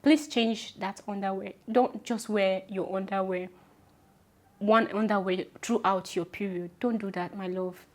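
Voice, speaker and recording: A woman's voice: medium pitch, fairly even intonation, unhurried. Chatty Nigerian woman giving advice. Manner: chatty, affectionate, repeats instructions emphatically. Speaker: vlogger. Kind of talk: casual advice talk to camera.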